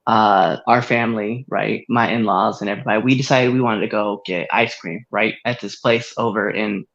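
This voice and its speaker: A man co-hosting a podcast, telling a story in casual chat with frequent laughter and excited jumps in voice. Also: normal speed, gravelly, lo-fi sound. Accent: Massachusetts. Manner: animated storyteller, laughs often, swings high when excited. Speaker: podcast co-host.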